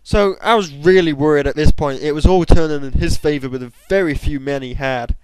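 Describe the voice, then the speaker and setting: A young man giving excitable commentary over his own game, bursting into high shouts at times. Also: brisk, clean tone, dry recording, poor audio. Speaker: gamer. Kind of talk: gameplay commentary.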